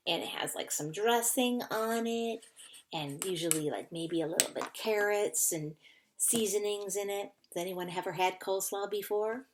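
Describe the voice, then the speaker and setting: A woman teacher giving a recorded phonics lesson to children, patiently sounding out and spelling words. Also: medium pitch. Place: indoors at a whiteboard.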